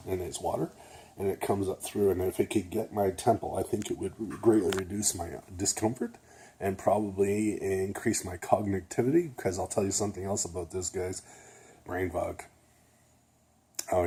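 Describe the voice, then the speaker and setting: Talking to camera in a loose, rambling way, this retired nurse, now an older vlogger, keeps asking "okay?" as he goes. His voice is low-pitched and mellow with a slight roughness and a touch of nasality.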